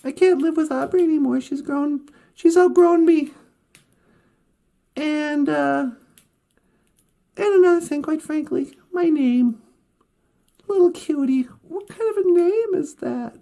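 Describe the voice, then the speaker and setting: Lady doing a shy lil teddy bear guy, wondering and plaintive, low dark tone, fry in it. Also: takes it slowly, pauses often, heavily acted. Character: small shy male teddy bear, unsure of himself.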